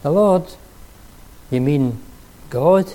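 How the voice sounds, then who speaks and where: A man voicing a panicked stranded man who shouts and pleads for rescue. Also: a little high, expressive, very slow. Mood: pleading. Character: panicked man clinging to a cliff branch.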